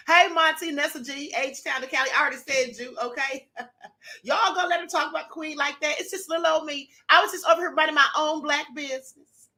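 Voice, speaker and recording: A sassy woman hosts a live stream from home, greeting viewers by name and teasing her critics. Her voice sits high and sounds bright and sharp, with a slight hoarseness. She talks in a gossipy, playful way straight into her mic. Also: brisk. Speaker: host of a live-streamed talk show. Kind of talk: livestream chat with viewer shout-outs.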